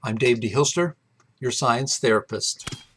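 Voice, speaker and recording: A man's voice: mid-range voice, a little slow, a bit bright, a little hiss or hum. A man hosting his own show, telling a personal story in a rambling, casual way with many fillers and restarts. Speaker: host.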